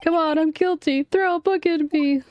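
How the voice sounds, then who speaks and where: Woman doing a shrill nervous young man. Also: fairly even intonation, moderate pace, dull audio. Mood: pleading. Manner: shrill, stammering and pleading.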